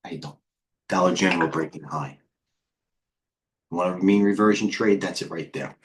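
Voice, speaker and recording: A middle-aged man hosting a live trading stream, talking fast and excitably as he flips through charts and speaks to viewers in the chat. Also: low-pitched, slight background noise. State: out of breath. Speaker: host and head trader.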